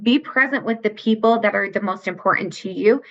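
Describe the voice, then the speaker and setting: A woman's voice: medium pitch, a little fast. A middle-aged woman, a mentor for teens, explaining earnestly and patiently as a guest in an interview. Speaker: guest, teen mindset mentor. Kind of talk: podcast interview conversation. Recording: dull lo-fi sound.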